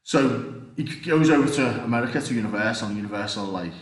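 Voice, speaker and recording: A man, a martial artist and actor, telling animated anecdotes as an interview guest. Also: medium pitch, fast talker. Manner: animated anecdotes, acts out quoted voices. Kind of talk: casual interview storytelling. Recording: roomy echo.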